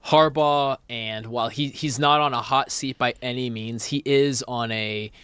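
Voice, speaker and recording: A man co-hosting sports radio, laying out a measured, analytical take at a studio mic. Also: mid-range voice, steady tone, fairly bright tone, clean tone, dry recording. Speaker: radio show co-host. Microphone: studio microphone.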